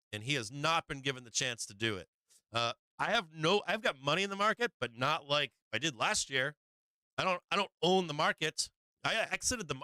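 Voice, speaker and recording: A man's voice: on the high side, bright, forceful tone, clean tone, dry recording. A man hosting a live stock market stream, talking bluntly in casual commentary full of swearing and restarts, often laughing. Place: home live-stream setup.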